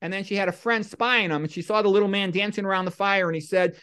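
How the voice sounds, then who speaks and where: A middle-aged man hosting a podcast, telling comic stories in a deadpan, rambling way with lots of asides. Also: high-pitched, quick pace, hardly any pauses, clean tone. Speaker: podcast host. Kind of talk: comic monologue and storytelling.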